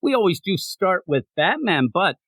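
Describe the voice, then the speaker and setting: Male podcast co-host, a bit high-voiced with a very bouncy delivery, playful and rambling, dry close sound. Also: big pitch swings, moderate pace, a bit bright, slightly rough, dry recording. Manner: playful, joking, self-mocking; hyped and rambling. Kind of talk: casual podcast chat.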